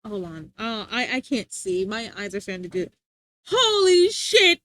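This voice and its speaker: A young woman streaming live, chatting casually with viewers, giggly, excitable and rambling. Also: medium pitch, brisk, no room sound.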